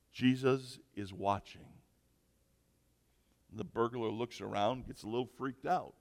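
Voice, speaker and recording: A man preaching a sermon, slow and emphatic, moving between loud declarations and near-whispers. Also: mid-range voice. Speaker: pastor. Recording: echoey hall.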